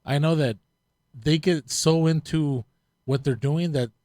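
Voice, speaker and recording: A man who hosts a talk show and works as a DJ, speaking casually in halting, rambling sentences with many restarts. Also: fairly high pitch, darkish tone, dry recording. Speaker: host and DJ. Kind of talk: casual chat.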